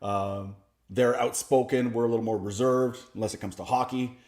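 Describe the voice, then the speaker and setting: A man, a comedian telling stories in a stand-up set, with a dry, deadpan delivery that breaks into lively bursts. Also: medium pitch, normal speed. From Canada. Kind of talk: stand-up storytelling. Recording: echoey room.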